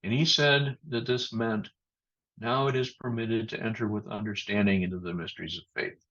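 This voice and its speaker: A man giving a thoughtful sermon as pastor over a video call, speaking in a measured way with pauses and restarts. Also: on the low side, steady tone, a bit bright. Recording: muffled video-call audio.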